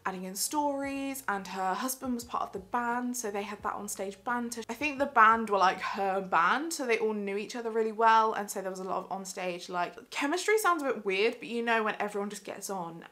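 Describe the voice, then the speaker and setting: A woman's voice: medium pitch, normal speed, sharp tone. Gushing young woman vlogging. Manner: gushing, enthusiastic, chatty. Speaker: theatre vlogger. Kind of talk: casual vlog chat.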